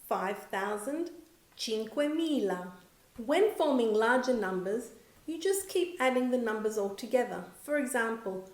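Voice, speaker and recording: A woman with a fairly high voice gives a scripted grammar lesson at an unhurried pace. She says each example word slowly and deliberately, taking care with every syllable. The voice carries a noticeable roomy echo. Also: lively intonation, a little mellow. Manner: slow, clear, careful enunciation of example words. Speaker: language teacher.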